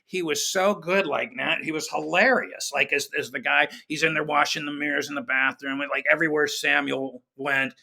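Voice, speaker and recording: Gravelly, bright-voiced storytelling man. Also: a little high, normal speed, few pauses. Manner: animated, acts out quoted voices. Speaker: guest comedy writer. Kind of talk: conversational storytelling.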